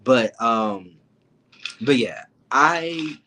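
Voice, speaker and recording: A man co-hosting a casual reality TV review chat, campy and animated, laughing often and jumping to shrieking high asides. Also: extremely slow, slight background noise. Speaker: podcast co-host reviewing reality TV.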